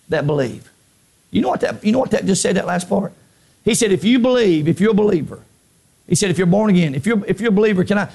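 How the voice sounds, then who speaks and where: Gravelly preacher man, high excited voice. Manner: repeats words, builds to high shouted climaxes; reads scripture slowly, drawn out. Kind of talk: sermon.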